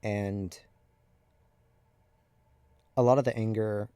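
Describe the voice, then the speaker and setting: A man's voice: fairly low pitch, steady tone, slow, warm tone, smooth, no room sound. A man in his thirties, a podcast host, candidly and reflectively telling a personal story in a conversational way.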